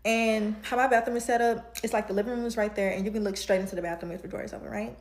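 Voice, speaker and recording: A woman who does hair from home, telling an animated storytime to camera. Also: medium pitch, racing, roomy sound. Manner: animated, builds to heated retelling. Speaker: home-based hairstylist.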